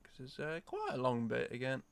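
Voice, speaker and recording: A male streamer giving offhand, casual commentary as he plays a game. His voice is mid-pitched with a gravelly fry, yet smooth and resonant. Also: huge pitch swings, moderate pace, no echo. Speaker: gameplay streamer.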